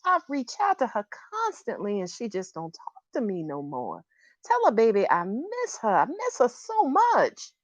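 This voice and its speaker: A woman's voice: a little high, huge pitch swings, measured pace, dry recording, exaggerated voice. A woman channeling a grandmother's pleading spirit. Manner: pleading, affectionate, calls people baby and girl. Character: spirit of a pleading grandmother who misses her daughter.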